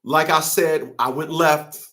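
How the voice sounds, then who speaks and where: Middle-aged man, host, casual talk to camera, animated, rambling, profane, frequent restarts. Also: on the high side, takes it slowly. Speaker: father's rights advocate and host. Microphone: camera facing the speaker.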